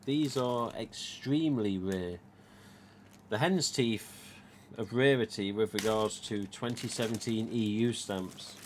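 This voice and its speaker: This live stream host, a mask collector from the English East Midlands, speaks slowly in a lowish voice with a little hiss or hum on the recording. His talk is chatty and rambling, and he retells bits of dialogue.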